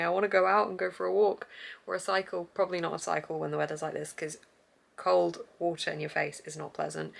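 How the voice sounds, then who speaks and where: A woman's voice: fairly low pitch, vocal fry, a bit bright. A young woman chatting casually in a vlog about her reading, rambling and laughing often. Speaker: book vlogger.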